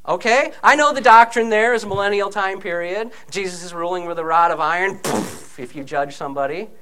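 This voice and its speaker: Male preacher, high and bright, lively conversational sermon delivery. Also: a little fast, hardly any pauses. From United States. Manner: animated, conversational preaching with frequent "okay?" asides.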